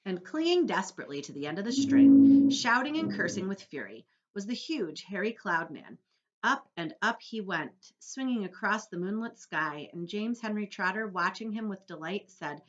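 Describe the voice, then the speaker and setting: A woman's voice: on the low side, normal speed, highs cut off. A woman teacher reading a children's book aloud to her class, telling it expressively. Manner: expressive storytelling.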